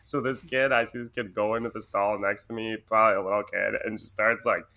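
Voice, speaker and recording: A man's voice: lowish voice, fairly even intonation, brisk, bright, forceful tone. Laughing young man telling a story. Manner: rambling, filler-heavy, laughing often. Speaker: podcast co-host. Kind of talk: casual storytelling chat.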